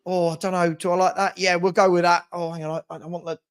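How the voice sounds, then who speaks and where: A man's voice: high voice, level tone, fast talker, clear, resonant tone. A man hosting a casual live football stream, reading out viewer comments in a rambling, chatty way with frequent restarts.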